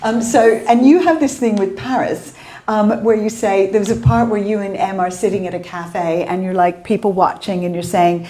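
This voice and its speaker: A woman interviewing an author at a bookshop event, asking questions in a hesitant, halting way. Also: medium pitch, dark tone, roomy sound. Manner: hesitant, many fillers and restarts.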